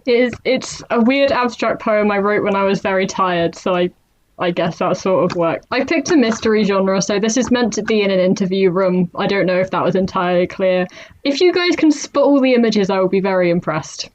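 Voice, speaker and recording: A woman's voice: mid-range voice, brisk, a little hiss or hum. Chatty British woman, lo-fi mic. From Britain. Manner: chatty, laughs easily. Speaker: podcast co-host. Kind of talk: casual chat. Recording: dull lo-fi podcast mic.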